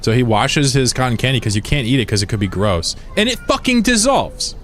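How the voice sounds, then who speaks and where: A man streaming a game and chatting casually, rambling and swearing, who jumps into high-pitched shouting when something excites him. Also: a little fast, slight background noise. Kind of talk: casual live-stream chat over gameplay.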